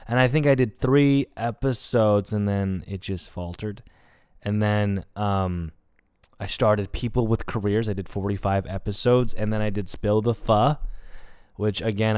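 A man's voice: fairly low pitch, a little mellow, clean tone, dry recording. Young male podcast host, reflective solo monologue, casual swearing, resonant tone, dry studio sound. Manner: candid, rambling, swears casually.

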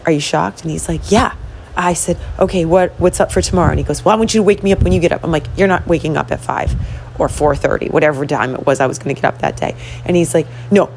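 A low, somewhat dark-toned female voice comes through over slight background noise. The speaker, a middle-aged host and coach, narrates a story earnestly and motivationally, acting out both halves of a conversation.

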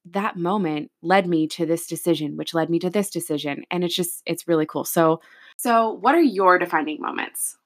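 A woman co-hosting a podcast, retelling stories in casual chat with lots of "like" fillers. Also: on the low side. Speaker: podcast co-host.

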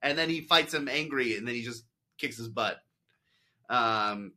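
A man's voice: mid-range voice, unhurried, pushed and bright. A man hosting a casual podcast, rambling with lots of "like" and quoted asides. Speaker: podcast host. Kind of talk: casual chat.

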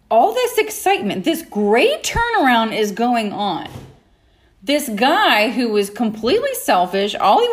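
A woman teaching on a Bible story in a chatty, casual way, laughing often and acting out the characters' lines. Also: on the high side. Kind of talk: casual sermon.

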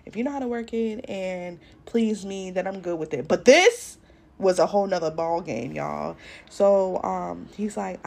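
A woman's voice: mid-range voice, unhurried, creaky. A young woman hosting a casual storytime vlog, talking bluntly and profanely straight to her viewers. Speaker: podcast host. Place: at home doing makeup.

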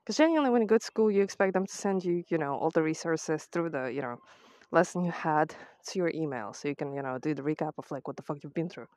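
A woman's voice: low-pitched, lively intonation, fast talker, few pauses, darkish tone, no echo. A woman with a British accent, ranting sarcastically with heavy swearing in a casual voice memo recorded on a phone while walking outdoors. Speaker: vlogger. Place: outdoors on a walk to the seaside.

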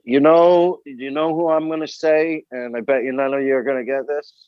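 A man's voice: mid-range voice, fairly even intonation, normal speed, smooth, dry recording, highs cut off. A man with a North American accent, co-hosting a podcast in a laid-back, rambling way and swearing freely. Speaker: podcast co-host. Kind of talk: casual chat.

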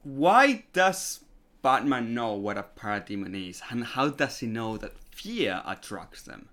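A man's voice: mid-range voice, big pitch swings, measured pace, a bit bright. A man co-hosting a podcast, picking apart a film scene with pointed questions and stammered restarts. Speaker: podcast co-host. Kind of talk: casual film review chat.

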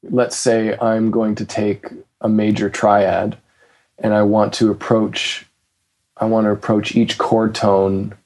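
Hesitant low-voiced male jazz teacher. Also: level tone, takes it slowly, darkish tone. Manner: hesitant, many restarts, laughs easily. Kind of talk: casual conversation about practice.

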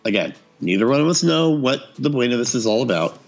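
A man's voice: mid-range voice, very animated, fast, creaky. A man casually telling a funny story on a podcast, acting out the dialogue and laughing often.

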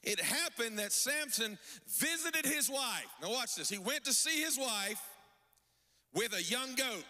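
Male pastor with a high, piercing voice, sing-song preaching cadence, long hall reverb. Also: expressive, measured pace, pushed and bright. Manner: preachy, sing-song cadence with frequent call-outs to the congregation. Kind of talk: sermon.

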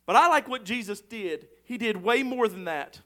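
High, forceful preacher man. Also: lively intonation, normal speed. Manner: impassioned preaching that swells into shouting. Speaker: pastor. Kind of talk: sermon.

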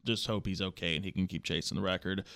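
A man talks through his sports picks in a chatty, offhand way. His voice is smooth and clear. It sits close and dry on the mic. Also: low-pitched, steady tone, quick pace, a bit bright, no echo. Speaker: sports betting picks host. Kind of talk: casual sports talk.

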